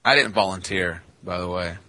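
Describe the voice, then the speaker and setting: A man who coaches jiu-jitsu, telling rambling, animated anecdotes in a casual podcast chat. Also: deep voice, moderate pace.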